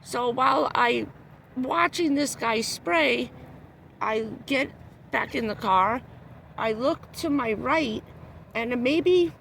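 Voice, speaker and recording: A woman's voice: a little high, slow, gravelly, fairly bright tone, a little hiss or hum. A woman on a livestream, ranting in a heated, profane, repetitive way, upset and near tears, talking from a parked car. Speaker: vlogger. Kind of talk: angry livestream rant.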